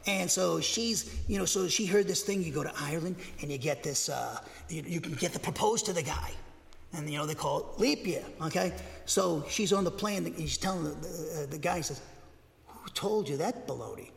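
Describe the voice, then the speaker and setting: Older guy preaching, kinda high gravelly voice, rambling folksy storyteller, long echo. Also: brisk. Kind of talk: sermon. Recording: long hall reverb.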